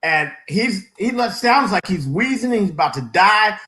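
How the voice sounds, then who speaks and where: A man, an Army veteran, telling lively war-story anecdotes in casual panel chat and laughing at his own tales. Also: high-pitched, moderate pace, reverberant, poor audio.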